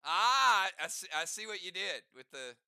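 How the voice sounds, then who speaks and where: A man hosting a live game session, calling out turns and timers while teasing the players with energetic banter. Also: high-pitched, normal speed, clean tone, no room sound, studio quality.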